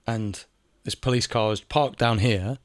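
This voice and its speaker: A man with a lowish voice delivers a casual spoken rant, circling back on his points and swearing when he gets heated. The sound is dry and close, with no room around it. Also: unhurried, no echo. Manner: ranting, repeats phrases, swears. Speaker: video essayist. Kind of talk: casual monologue. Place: home in Spain.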